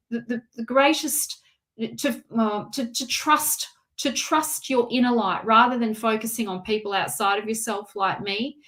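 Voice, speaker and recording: A woman with a somewhat high voice reads tarot cards live for her viewers. She is middle-aged and talks in a reassuring way, repeating phrases as she goes. Her sentences often break off and restart. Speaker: tarot reader.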